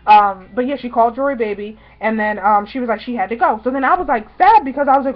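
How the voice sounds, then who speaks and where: A woman vlogger telling a story to her viewers in a chatty, excitable, slangy way. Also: a little high, fast talker, hardly any pauses, highs cut off.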